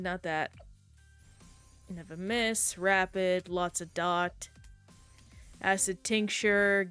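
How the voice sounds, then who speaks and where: A woman streamer in casual, chatty conversation while playing a game, reacting aloud in an animated way. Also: mid-range voice, clear, resonant tone. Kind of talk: casual gameplay chat.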